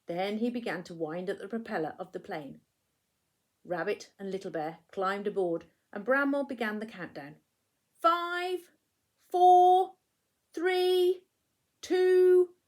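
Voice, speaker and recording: Teacher lady reading a storybook to kids, lively telling, goes soft n quiet sometimes. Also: mid-range voice. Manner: expressive storytelling, hushing for quiet moments. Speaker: primary school teacher. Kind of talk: reading a picture book aloud to children.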